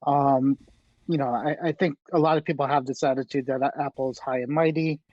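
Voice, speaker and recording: A man's voice: mid-range voice, fairly even intonation, brisk, a little mellow, no echo, muffled recording. A man co-hosting a casual tech podcast who talks in an earnest, rambling way with many fillers.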